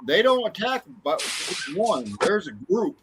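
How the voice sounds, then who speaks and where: A man's voice: high-pitched, sing-song, measured pace, background noise. A man casually chatting on a podcast and telling an easygoing story from his childhood. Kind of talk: casual chat.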